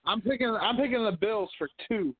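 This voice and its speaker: A man's voice: sits high, animated, fairly quick. A man co-hosting a casual podcast chat, telling profane, ranting stories and arguing. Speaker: podcast co-host. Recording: dry, phone-like tinny audio.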